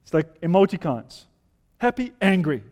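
A man's voice: sits high, very animated, normal speed, a little mellow, long reverb tail. A man preaching a sermon with impassioned, rising appeals to his listeners.

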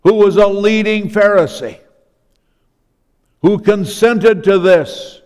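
Male preacher, high smooth voice, unhurried storytelling delivery, echoing church hall. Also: darkish tone. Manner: storytelling, acting out the biblical speakers. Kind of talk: sermon. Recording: long hall reverb.

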